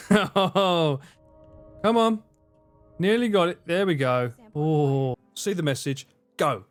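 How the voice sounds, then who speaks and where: A man's voice: fairly high pitch, takes it slowly, smooth. A man in his forties with an Essex accent, streaming a game live and chatting, swearing and laughing as he plays. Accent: Essex English. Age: 40s. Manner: swearing, joking, laughing often. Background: game music.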